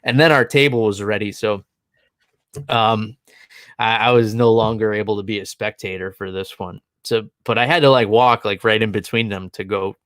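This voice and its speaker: A man's voice: medium pitch, a bit bright, clear, resonant tone, no room sound, clean studio sound. A man in his thirties co-hosting a podcast, telling a rambling story in casual chat and chuckling often as he goes. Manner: amused, rambling anecdote with frequent chuckles. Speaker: podcast co-host.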